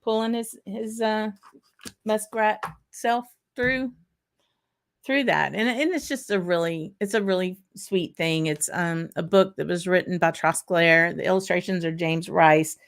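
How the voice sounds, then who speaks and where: A Southern-accented woman from Arkansas, her voice on the low side and slightly slow, hosts a casual livestream. Her chatter rambles as she reads out viewer comments, with frequent fillers and laughter.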